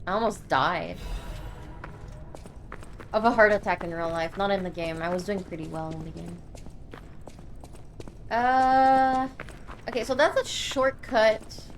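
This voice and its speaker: A young woman streaming a game live, reacting loudly and swearing often as she plays. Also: mid-range voice, unhurried, long pauses, a little hiss or hum. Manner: reactive, swearing, frequent outbursts. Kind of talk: live gameplay commentary.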